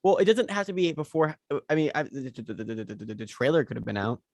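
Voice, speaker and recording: A man's voice: mid-range voice, very animated, fast, crowd noise. A man co-hosting a podcast in casual, teasing chat. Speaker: podcast co-host.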